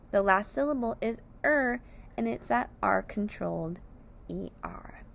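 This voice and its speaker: A woman's voice: on the high side, measured pace, gravelly. A woman teaching a phonics lesson, sounding out each word syllable by syllable with careful, over-enunciated speech. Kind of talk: slow, deliberate phonics lesson.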